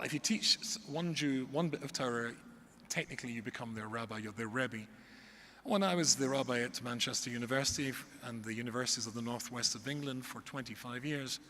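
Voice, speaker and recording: This medium-pitched man is a middle-aged Scottish rabbi telling stories to an audience in a big hall, animated and full of comic exaggeration. The echoey recording has faint ambience plus slight background noise.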